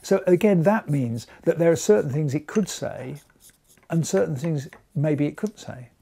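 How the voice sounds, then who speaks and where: Older male craftsman, low dark gravelly voice, thoughtful explainer. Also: expressive, normal speed. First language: English. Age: 70s. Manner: thoughtful, explanatory, with small restarts and soft asides. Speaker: letter carver. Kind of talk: documentary interview.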